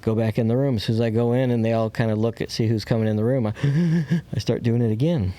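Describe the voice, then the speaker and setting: A man's voice: mid-range voice, level tone, very fast, mellow. A man candidly telling a personal story as a podcast guest. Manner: candid, acts out quoted voices.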